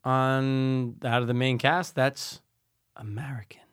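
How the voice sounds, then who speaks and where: A man's voice: medium pitch, expressive, brisk. A man co-hosting a casual chat, easygoing and slangy, often agreeing with "yeah" and "dude.".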